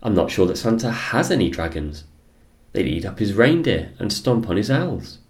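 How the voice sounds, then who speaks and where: A man's voice: on the low side, big pitch swings, normal speed, darkish tone. A man voicing a meek, hesitant father in a storybook reading, mild and unassuming.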